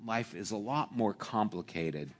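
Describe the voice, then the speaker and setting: A male pastor delivering a sermon, telling a childhood story in an animated, humorous way with asides to the congregation. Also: on the low side, unhurried.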